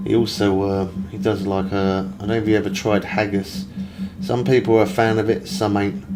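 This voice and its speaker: A man's voice: on the low side, moderate pace. A man streaming a game live, chatting and rambling as he reads viewer messages aloud. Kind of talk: casual live-stream chat. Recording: steady background noise.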